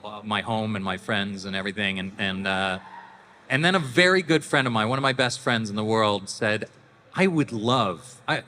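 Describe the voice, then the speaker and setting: A middle-aged man from Canada speaks as a convention panel guest. His voice is bright and forceful, and he tells anecdotes with laughter and little acted-out voices. Long hall reverb and a faint hiss sit around him. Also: on the low side. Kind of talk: casual storytelling to an audience.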